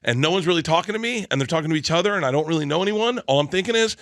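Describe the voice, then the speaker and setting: A middle-aged comedian telling a comic story on a podcast, animated and quick to act out other people. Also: male voice, a little high, dry recording, clean studio sound. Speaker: comedian guest.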